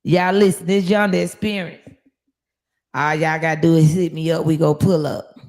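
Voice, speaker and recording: Lively woman hosting a phone livestream. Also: deep voice, normal speed. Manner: lively, profane storytelling with laughs. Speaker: livestream host. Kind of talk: casual livestream chat.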